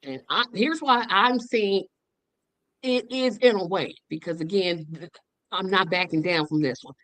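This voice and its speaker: A woman's voice: lowish voice, measured pace, fairly bright tone, no room sound, low-quality recording. A woman in a political discussion, speaking emphatically and repeating words for force.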